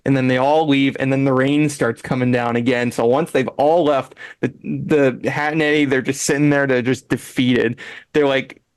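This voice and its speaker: A man's voice: mid-range voice, moderate pace, clear, resonant tone, dry recording. A man hosting a podcast, animatedly retelling an episode with frequent laughs and restarts. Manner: animated, acts out characters' lines in voices; laughs often, restarts sentences. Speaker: podcast host. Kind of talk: casual chat, retelling an episode.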